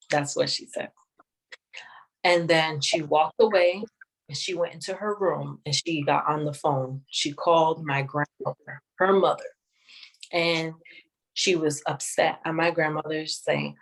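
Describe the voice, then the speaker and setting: Slow, low-voiced woman telling her story. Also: fairly even intonation, vocal fry, rough recording. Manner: slow, measured and reflective, with frequent pauses. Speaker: guest sharing her testimony. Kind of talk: personal storytelling in an interview.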